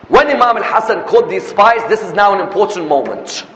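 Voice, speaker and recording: A man's voice: high voice, measured pace, hardly any pauses, a bit bright. A man preaching a sermon with passion, asking rhetorical questions and building to emphatic peaks. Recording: echoey hall, muffled lo-fi sound, faint noise.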